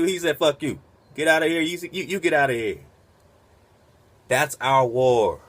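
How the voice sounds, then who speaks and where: A man hosting a radio talk, giving preachy, profane commentary over a played recording and peppering it with rhetorical questions. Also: mid-range voice. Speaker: radio host.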